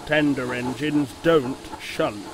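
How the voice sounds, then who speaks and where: A man's voice: on the high side, animated, slow pace. A man voicing a proud, rude big male steam engine in a storybook reading, with a scornful, haughty manner. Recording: noisy background hiss.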